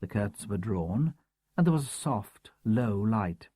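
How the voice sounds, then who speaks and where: A man narrating a crime novel audiobook in a measured, expressive storytelling manner. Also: on the low side, no room sound. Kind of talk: scripted narration.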